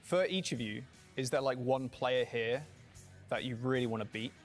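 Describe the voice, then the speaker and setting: A man's voice: mid-range voice, moderate pace, faint music behind. A man interviewing players at an esports event, asking playful, teasing questions.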